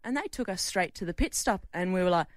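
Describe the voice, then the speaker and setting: A woman's voice: lowish voice, lively intonation, fast talker, dry recording, clean studio sound. A young woman, a footballer telling stories in casual chat with a lot of laughter. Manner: laughing storyteller. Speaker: guest footballer.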